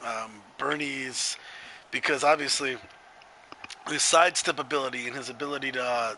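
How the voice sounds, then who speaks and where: A man's voice: medium pitch, steady tone, normal speed, bright, forceful tone, a little hiss or hum, low-quality recording. A man commentating a video game match in a chatty way, laughing easily.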